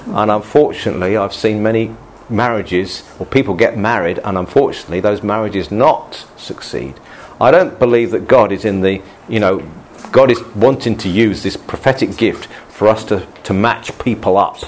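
Low-pitched guy preaching to his congregation, chatty and jokey, laughs a lot, faint noise in the background. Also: normal speed. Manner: chatty and good-humoured, with frequent laughs and restarts. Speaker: pastor. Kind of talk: sermon.

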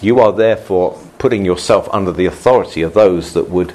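A male pastor giving a relaxed, good-humoured sermon to his congregation, often laughing and restarting his sentences. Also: low voice, fairly quick.

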